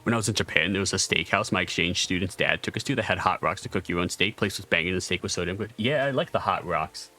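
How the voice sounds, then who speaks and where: A man's voice: low-pitched, fast, hardly any pauses, sharp tone, faint music behind. A man streaming a game, chatting casually and goofing around in a playful way. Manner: playful, goofy, laughs often.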